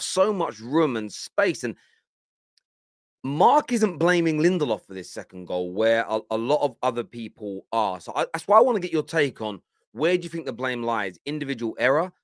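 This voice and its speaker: A man's voice: mid-range voice, sing-song, normal speed, no room sound, clean studio sound. A man hosting a football reaction show, amused and laughing often as he comments on clips. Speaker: host.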